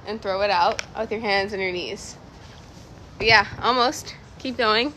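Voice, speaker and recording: A woman's voice: mid-range voice, a little slow, bright, forceful tone, rough recording. A young woman chatting casually, teasing and playfully whiny. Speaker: vlogger's partner. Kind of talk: casual chat. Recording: crowd noise behind.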